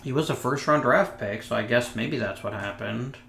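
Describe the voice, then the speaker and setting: A man talks through a sports management game in a loose, wry way, trailing off into muttered asides. His voice sits at an ordinary middle pitch. The room around him is roomy and echoey. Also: moderate pace, vocal fry, fairly bright tone, a little hiss or hum. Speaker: let's play host. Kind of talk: casual gameplay commentary.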